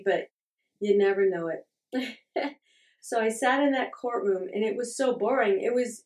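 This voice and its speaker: A middle-aged woman candidly telling a personal story with frank, self-deprecating humor and frequent laughs. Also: a little high. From Utah. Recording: roomy echo, distant from the mic.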